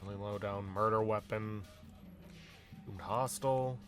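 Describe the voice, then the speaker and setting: A man's voice: lowish voice, steady tone, unhurried, a bit bright, faint music behind. Man casually playing a game. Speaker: let's play host.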